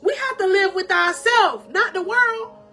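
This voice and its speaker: A woman life coach giving an animated, emotional live-stream talk of encouragement. She laughs often and calls out to her viewers in a preacherly way. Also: extremely high pitch, a little slow, soft background music.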